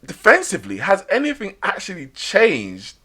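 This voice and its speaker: Lively, teasing man. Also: sits high, moderate pace, breathy edge. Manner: chatty, laughs often, teasing. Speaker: podcast co-host. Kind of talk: casual sports debate.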